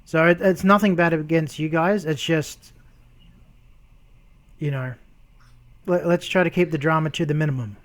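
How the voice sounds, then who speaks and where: An Australian man hosts a casual chat with an easygoing, rambling delivery. He pokes fun at himself. His voice sits a little high for a man. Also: fairly even intonation, moderate pace, pauses often, a bit bright. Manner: easygoing, rambling, self-deprecating. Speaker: host.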